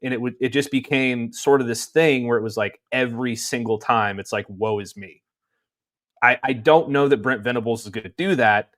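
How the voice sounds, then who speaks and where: A man's voice: mid-range voice, a little fast, few pauses, a bit bright. A man co-hosting a sports talk show, talking casually and circling back on his points. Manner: rambling, many restarts and fillers.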